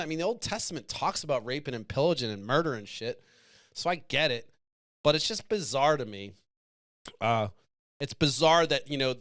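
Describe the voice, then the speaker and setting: A man's voice: on the high side, fairly bright tone. Passionate, swearing man in commentary. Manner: passionate, profane, emotional. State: choked up. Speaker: podcast host. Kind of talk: casual commentary.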